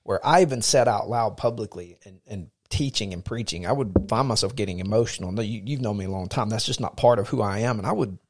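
Gravelly low-voiced pastor. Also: male voice, quick pace, hardly any pauses. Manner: earnest, personal and confessional. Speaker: pastor and podcast co-host. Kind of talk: casual faith-based discussion.

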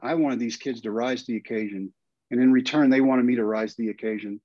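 An animated Texan man in his fifties tells a story and slips into the voices of the people in it. His voice sits at a medium pitch. The sound is dry and a little dull, recorded close in a quiet room. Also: quick pace, dry recording. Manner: animated storyteller, acts out quoted lines. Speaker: guest, former pitcher and coach. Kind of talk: storytelling in a podcast interview.

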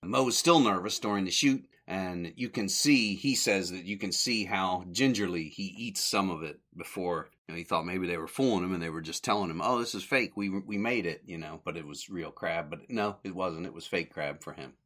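A man casually recapping on his podcast, rambling and correcting himself as he goes. His voice sits a bit low but has a bright, forward edge. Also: normal speed, few pauses. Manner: rambling, self-correcting, chuckles at the jokes. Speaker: podcast host.

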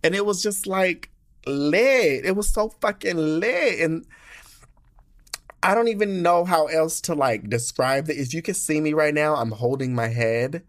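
Sassy, animated young American man. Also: fairly high pitch. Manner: sassy, animated, swears a lot, drawn-out gushing. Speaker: podcast host. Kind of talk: casual travel recap monologue.

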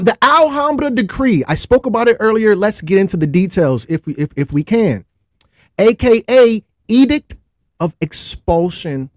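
High-voiced animated guy lecturing his stream chat, jumpy delivery, joking, dry close mic. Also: no room sound. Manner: animated, repeats points call-and-response style; jokes with chat, many restarts. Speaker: livestream host. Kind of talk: casual livestream history lecture.

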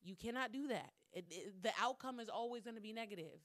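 A woman's voice: fairly high pitch, fast, hardly any pauses, fairly bright tone, no room sound, clean studio sound. A woman vlogging casually to her viewers, talking frankly with lots of swearing, repeating phrases and laughing between lines. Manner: candid, profane, talks herself through anger with repeated phrases. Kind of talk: casual monologue to camera.

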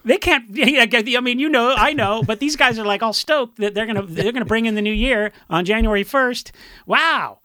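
Socal punk guy chatting, high bright voice, lots of ums and restarts. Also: normal speed, dry recording, studio quality. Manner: rambling storyteller, frequent restarts and fillers. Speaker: punk musician discussing a song. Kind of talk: casual chat.

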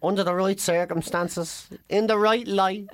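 A man's voice: high voice, fairly even intonation, measured pace, a little hiss or hum. A man in his forties with a Dublin Irish accent, co-hosting a podcast in sweary, self-mocking banter. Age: 40s. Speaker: podcast co-host. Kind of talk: casual chat.

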